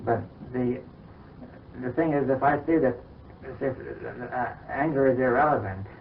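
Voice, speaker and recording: A man in a philosophical conversation who reasons slowly and hesitantly, explaining step by step and leaning on "you see.". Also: mid-range voice. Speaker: scientist in discussion. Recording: distant, tinny archival recording with faint hiss.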